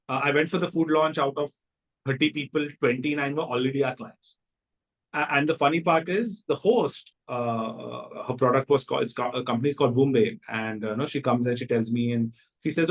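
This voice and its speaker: A man with an Indian English accent, a company founder telling stories in a casual interview, lively and acting out the people he quotes. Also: fairly quick. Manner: animated, acts out quoted people in a higher voice.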